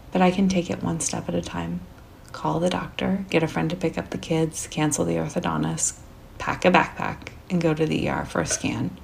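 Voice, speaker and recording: A woman author reading her own first-person short story in a soft, intimate way, at times dropping almost to a whisper. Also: fairly low pitch, gravelly, slight background noise.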